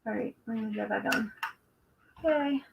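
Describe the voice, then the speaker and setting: Heard through lo-fi, very noisy sound, a woman with a slightly high, creaky voice hosts a live crafting stream at normal speed. Chatty, she thinks aloud as she works and trails off.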